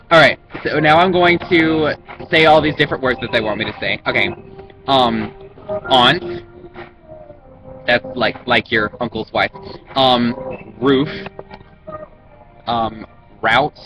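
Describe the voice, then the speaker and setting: A young man talks straight to his camera in a loose, rambling vlog chat, often doubting himself as he goes. His pitch sits in an ordinary middle range. Clear music plays behind him the whole time. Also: rough recording. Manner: rambling and self-conscious. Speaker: YouTuber. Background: music playing in the background.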